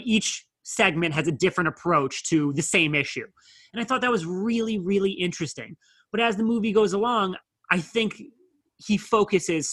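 A man co-hosting a casual film review, talking in a measured, analytical way with wry asides. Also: a little high, sharp tone, no room sound.

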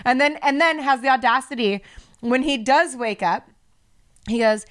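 A woman's voice: sits high, normal speed, a bit bright. A woman co-hosting a podcast, ranting heatedly and swearing freely in casual chat. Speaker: podcast co-host.

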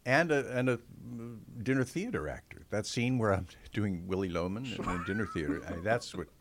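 A man's voice: on the low side, moderate pace, background noise. A man, a guest actor in a conversational interview, telling stories animatedly, acting out quotes and laughing often.

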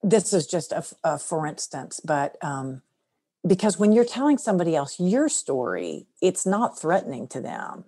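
A middle-aged woman with a low, deep-set voice tells a personal story in an interview. She is earnest and soft-spoken, and her voice drops quietly at the serious parts. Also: very animated, moderate pace. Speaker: guest.

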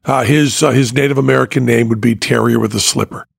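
A man co-hosting a podcast, chatting casually and telling animated stories with frequent laughter. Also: mid-range voice, fast, vocal fry, breathy edge, no room sound. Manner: animated storyteller, laughs often. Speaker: podcast co-host.

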